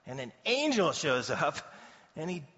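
Male pastor, relaxed and lively sermon delivery, recorded in a big echoing church hall. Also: on the high side, unhurried. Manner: conversational and animated, acting out quoted voices. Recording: dull sound in a reverberant hall.

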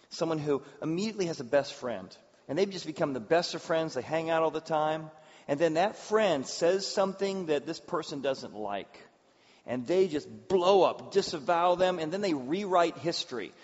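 Animated pastor preaching in a reverberant hall. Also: male voice, a little high. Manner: animated storytelling with acted-out voices. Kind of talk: sermon. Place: church hall with audience. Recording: dull sound, long hall reverb.

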